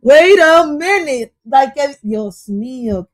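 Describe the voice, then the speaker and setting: A woman's voice: a little high, no echo, rough recording. A young adult woman giving casual reaction commentary, swearing, exclaiming and laughing often. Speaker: reaction streamer.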